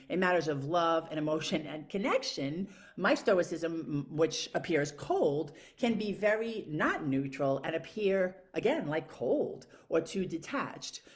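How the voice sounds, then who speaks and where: A woman talking casually to camera in a frank, profane, rambling way, full of fillers. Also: deep voice. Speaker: vlogger.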